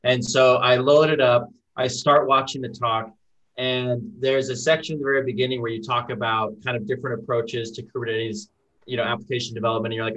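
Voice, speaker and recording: A man's voice: medium pitch, fairly even intonation, fairly quick, a bit bright, dull audio. A man hosting a casual panel discussion over a video call, telling a long self-deprecating story in a rambling way. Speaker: panel host.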